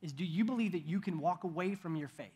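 High-voiced man preaching conversationally. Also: fast talker, darkish tone. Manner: conversational, joking asides, frequent restarts. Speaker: pastor. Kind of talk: sermon.

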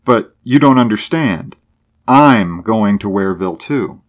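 A man's voice: fairly low pitch, animated, measured pace. A man voicing a stubborn, hot-headed young man who speaks in a heated, insistent way.

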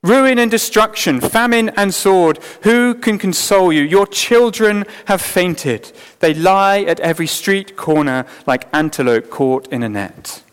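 A man's voice: high voice, smooth. Earnest male preacher in a reverberant hall. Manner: earnest, emphatic, with sudden drops to quiet. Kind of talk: sermon.

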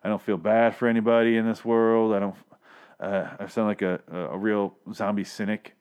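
A man's voice: fairly low pitch, little pitch movement, normal speed, darkish tone, smooth. A man hosting a podcast, recapping a TV episode in a rambling, sarcastic, profane monologue full of self-corrections. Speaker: podcast host reviewing a TV episode. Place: Los Angeles.

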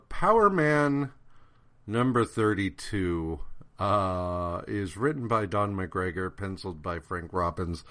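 Low-pitched guy cohosting a comics podcast, slow and rambly, swears a lot. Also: fairly bright tone. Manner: rambling, profane, full of fillers. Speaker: podcast co-host. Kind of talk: casual comic book discussion.

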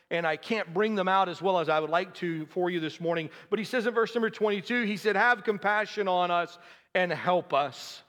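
High bright-voiced guy preaching a sermon, echoey church hall. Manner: preaching, rising to fervent emphasis. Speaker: pastor.

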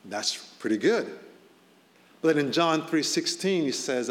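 A man's voice: a little high, lively intonation, unhurried. A man, a pastor, preaching a sermon in a conversational way, his voice rising to stress key points. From Boston area. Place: church hall. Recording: long hall reverb.

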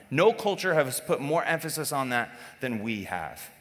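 Joking pastor in a reverberant hall. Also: male voice, fairly high pitch, animated, normal speed, few pauses, fairly bright tone. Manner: conversational and joking, with filler restarts. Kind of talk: sermon. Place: church service.

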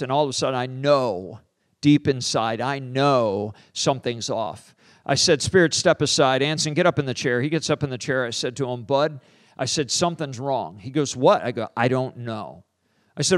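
A middle-aged man, a pastor, preaching by telling a story, acting out the dialogue with jumps in pitch and loudness. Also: dry recording. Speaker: pastor and teacher on deliverance. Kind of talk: storytelling sermon.

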